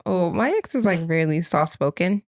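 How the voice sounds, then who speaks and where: A young woman co-hosting a podcast from a couch, chatting casually and pausing often to search for her words. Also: fairly low pitch, animated. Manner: hesitant, searching for words, with many fillers. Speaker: podcast co-host. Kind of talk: casual chat. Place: on a couch at home.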